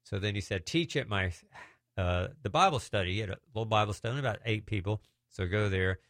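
A middle-aged man telling lively deliverance stories in a casual way, acting out the voices of the people he quotes. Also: lowish voice, a little fast, no room sound, clean studio sound. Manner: animated, acts out quoted voices. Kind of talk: casual storytelling testimony.

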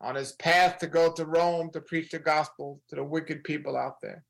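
A man leading a prayer session and preaching to listeners, earnest, repeating phrases and slowing down to stress them. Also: a little high, steady tone, creaky, fairly bright tone, rough recording. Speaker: prayer leader. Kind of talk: sermon-style prayer broadcast.

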